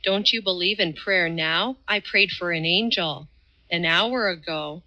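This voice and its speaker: A woman voicing a fierce, devout Highland swordsman who speaks in a fervent, solemn, preaching tone, in a dull lo-fi recording. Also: measured pace, pushed and bright.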